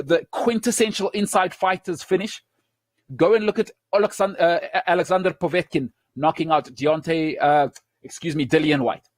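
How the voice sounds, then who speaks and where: A man hosting a sports show, giving strong opinions with plenty of emphasis. His voice sits a little high for a man, and it is recorded close and dry with almost no room sound. He hammers his points home by repeating them and often restarts his sentences. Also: no room sound. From South Africa. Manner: forceful, emphatic, repeats key phrases, many restarts.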